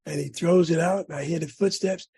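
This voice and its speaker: Very husky middle-aged man testifying. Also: fairly high pitch, steady tone, moderate pace. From California. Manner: dramatic storytelling with sudden loud outbursts and rhythmic repetition. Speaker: recovery meeting speaker. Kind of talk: personal recovery testimony. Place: recovery meeting room.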